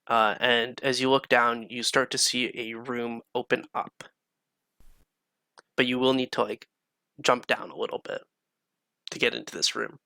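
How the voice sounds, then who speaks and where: Male game master, gravelly and bright, casual rambling narration. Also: medium pitch, measured pace, long pauses, no echo. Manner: relaxed, casual descriptions with many fillers.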